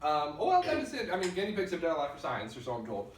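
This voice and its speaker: A man's voice: fairly high pitch, wildly swooping pitch, rapid-fire. A man chatting casually in a wry, self-mocking way while eating. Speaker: game developer eating sauerkraut for backers. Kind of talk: casual chat. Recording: echoey room from far off, faint noise.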